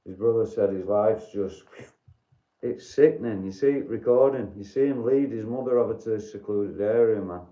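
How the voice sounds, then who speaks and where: A man's voice: on the low side, moderate pace, warm tone, echoey room, lo-fi sound. A man from Doncaster with a Yorkshire accent, hosting a casual livestream, bluntly chatting to viewers by name and swearing freely. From Doncaster, Yorkshire, England. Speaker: livestream host.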